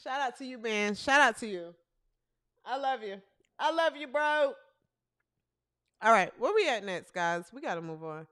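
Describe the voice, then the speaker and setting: Bright, high-pitched woman host. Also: measured pace, pauses often, smooth. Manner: chatty, animated, talks to the live chat and fumbles with her setup. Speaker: podcast host. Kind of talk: casual livestream chat about women's basketball.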